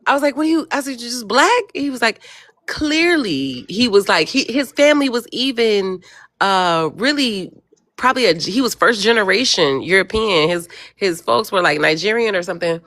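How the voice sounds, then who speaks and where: An American woman with a mid-range voice, telling a story to a panel in a relaxed, chatty way. She laughs as she talks and keeps the tone easy. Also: mid-range voice, fairly quick, no room sound. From United States.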